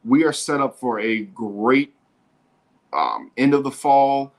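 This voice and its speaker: A man on a sports show narrates a basketball game live with plenty of excitement and frequent repetition. He speaks slowly in a mid-range voice.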